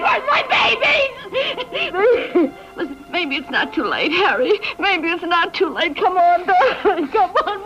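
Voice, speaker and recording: An actress playing a lonely, drunken wife who slurs and swings between sneering and sobbing, in a 1970s film drama. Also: female voice, very high voice. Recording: dull lo-fi film soundtrack with score.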